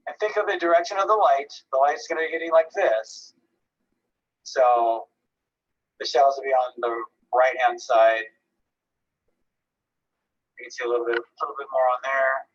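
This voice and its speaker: A man teaching a live online painting class, giving relaxed, encouraging critiques and thinking aloud with frequent restarts. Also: mid-range voice, normal speed, pauses often, dull audio. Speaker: painting instructor. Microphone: video call.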